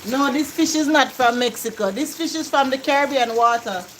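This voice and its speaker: A woman's voice: high-pitched, moderate pace, reverberant, slight background noise, poor audio. A woman with a Jamaican accent co-hosting a cooking live stream, talking in patois and listing things off. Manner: lively talk in patois, lists things off. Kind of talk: casual live-stream chat.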